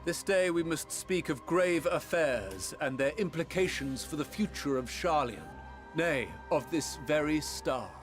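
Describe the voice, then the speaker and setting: Brief: a grave assembly chairman, measured and slow, slightly high, game score behind. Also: animated, faint music behind. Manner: stately, formal oration. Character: formal male chairman addressing an assembly.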